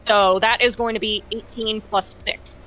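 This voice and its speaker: A woman playing a tabletop game, talking in a hesitant, halting way and often restarting her sentences. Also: medium pitch, fairly even intonation, fairly bright tone, lo-fi sound, soft background music. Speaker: player.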